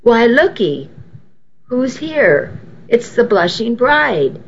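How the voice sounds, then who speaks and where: A woman's voice: on the high side, expressive, takes it slowly. A woman voicing a fond, feisty older grandmother who talks in a teasing, folksy way. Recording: dull, faintly noisy recording.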